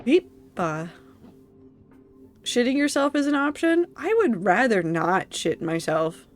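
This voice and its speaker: A woman's voice: fairly high pitch, lively intonation, slow, soft background music. A woman streaming a game and chatting with her viewers, emotional and laughing through tears. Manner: emotional, tearful and laughing, talks to chat. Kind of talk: casual live-stream commentary.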